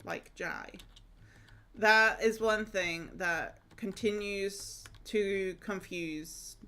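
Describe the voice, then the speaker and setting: While streaming a game, a young woman with a northeast Scottish Aberdonian accent rambles through stories in easy, casual chat. Her voice sits in the mid-range and has a fairly bright tone.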